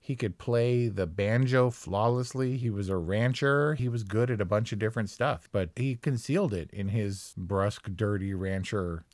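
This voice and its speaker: Young male podcast co-host, lowish voice, rambling and jokey, dry sound. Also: moderate pace, hardly any pauses, darkish tone, no room sound. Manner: rambling, self-deprecating, jokey. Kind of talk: casual chat.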